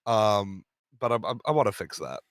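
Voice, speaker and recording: A man's voice: lowish voice, lively intonation, normal speed, fairly bright tone, no echo. A young man, a guest creator, chatting casually and rambling with lots of fillers. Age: young adult. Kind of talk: casual chat.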